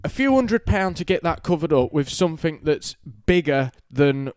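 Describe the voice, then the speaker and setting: A man, a tattoo artist co-hosting a casual podcast, telling joking stories in quick banter. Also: a little high, animated, a little mellow, clear, resonant tone, dry recording, clean studio sound. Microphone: podcast microphone.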